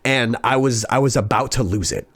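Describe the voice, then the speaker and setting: A young man from California, hosting a podcast and telling a personal story in a casual, animated way, repeating phrases for emphasis. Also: mid-range voice, brisk, dry recording, clean studio sound. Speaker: podcast host.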